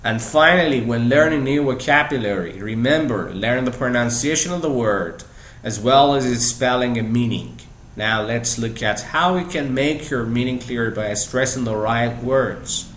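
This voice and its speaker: A man's voice: mid-range voice, normal speed, fairly bright tone. A man whose first language is Persian, giving a scripted podcast lesson on exam tips and speaking to the listener directly with questions. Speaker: English test-prep teacher. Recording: echoey room with faint ambience.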